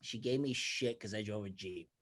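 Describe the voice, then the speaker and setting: A man's voice: on the low side, normal speed, slightly rough. A man from Pennsylvania, a comedian guest telling profane stories in casual podcast chat and acting out quotes. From Bethlehem, Pennsylvania, USA. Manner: profane, storytelling, acts out quotes.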